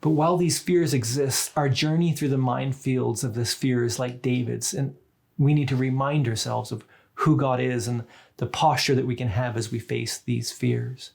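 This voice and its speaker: A man's voice: mid-range voice, steady tone, moderate pace, vocal fry, a little mellow. A man preaching a sermon in a reflective, conversational way, often turning to the listeners with asides. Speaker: pastor.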